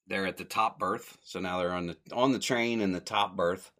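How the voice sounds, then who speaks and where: A man casually recapping on his podcast, rambling and correcting himself as he goes. His voice sits a bit low but has a bright, forward edge. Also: steady tone, normal speed. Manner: rambling, self-correcting, chuckles at the jokes. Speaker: podcast host.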